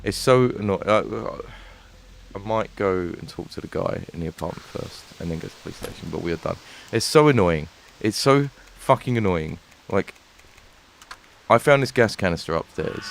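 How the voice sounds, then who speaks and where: London man, game streamer, very low voice, frustrated swearing rant, steady noise in the background. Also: vocal fry. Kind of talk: live gameplay commentary. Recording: noisy home stream recording.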